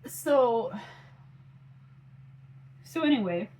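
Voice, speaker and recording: A woman's voice: a little high, expressive, extremely slow, dark tone, a little hiss or hum, low-quality recording. A woman in her forties chatting casually on her phone camera while doing her makeup, rambling with lots of fillers. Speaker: mom vlogger.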